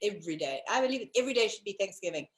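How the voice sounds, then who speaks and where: A woman's voice: medium pitch, expressive, very fast. A woman from South Africa co-hosting a casual live-streamed talk show, chatty and teasing. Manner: chatty, teasing, addresses viewers.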